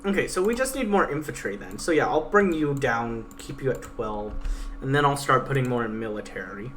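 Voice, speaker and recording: A woman's voice: rumbling low, expressive, faint music behind. A woman hosting a strategy game let's play, giving casual, bubbly, chatty commentary and reading story events aloud. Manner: bubbly, chatty, quick to laugh.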